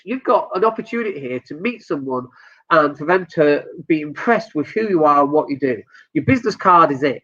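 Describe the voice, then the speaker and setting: A man's voice: sits high, a bit bright, highs cut off. A Northern English man giving blunt, joking business advice during a live stream. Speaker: business coach.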